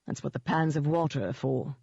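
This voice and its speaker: A reader doing a gruff, disapproving older witch healer for an audiobook, speaking curtly. The recording sounds dull and dry, with muffled highs and no room around it. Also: a little fast, warm tone, no echo. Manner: gruff and curt. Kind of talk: audiobook character voice.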